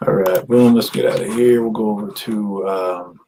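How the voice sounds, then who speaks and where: At his streaming setup, a man speaks into a headset in a fairly low, steady voice at normal speed, giving chatty, rambling commentary to his livestream and laughing at himself along the way. The background is noisy.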